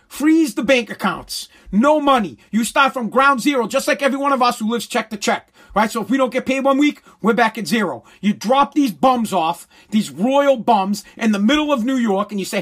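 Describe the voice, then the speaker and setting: A man's voice: extremely high pitch, lively intonation, normal speed, a bit bright. A man delivering a blunt, heated, sarcastic opinion rant full of crude swearing.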